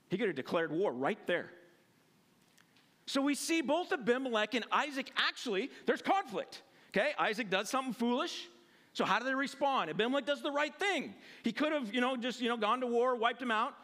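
A male pastor with a high voice that leaps up and down as he preaches. He talks in a relaxed, conversational way, with fillers and restarts, and he puts on voices for the people in the passage. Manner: animated, acts out the people in the story with a raised voice; conversational, with fillers and self-corrections. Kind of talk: sermon with Bible reading.

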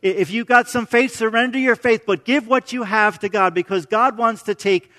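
A man with a notably high voice delivers a sermon in a loose, conversational way. He restarts phrases and tosses in quick "right?" check-ins. His voice carries a long reverb tail, as in a large sanctuary. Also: fairly bright tone. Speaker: preacher.

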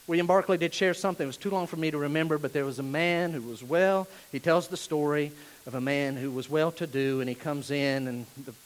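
A man preaching a sermon as pastor, animated and at times shouting. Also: a little high, brisk.

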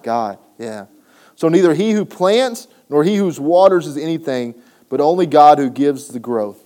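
A man's voice: a little high, expressive, moderate pace, warm tone. A man preaching a sermon, building emphasis and checking in with the congregation. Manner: preaching with rising emphasis and frequent "right?" asides. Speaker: pastor.

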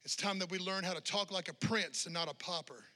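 A man preaching in a church, his voice pitched high and ringing very bright and forceful. He presses his listeners with one rhetorical question after another, building intensity as he goes. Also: fairly quick. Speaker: pastor. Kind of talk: sermon.

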